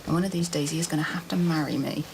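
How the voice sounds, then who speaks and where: A woman's voice: sits low, fairly even intonation, rapid-fire, slight background noise. An actress playing a vain, secretive widow with a rich lover, frank and earthy in her confidences. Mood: confiding.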